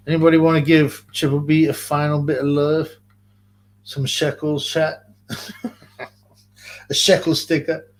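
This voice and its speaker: A man's voice: fairly high pitch, level tone, takes it slowly, pauses often. A man with a London accent hosting a casual livestream, rambling in slang and reading chat comments aloud. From Greater London. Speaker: livestream host.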